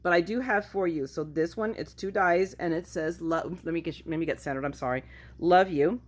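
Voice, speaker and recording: A woman's voice: fairly low pitch, normal speed. A woman chatting casually at home in a craft haul video, goofy and self-mocking as she shows her finds. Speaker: craft vlogger.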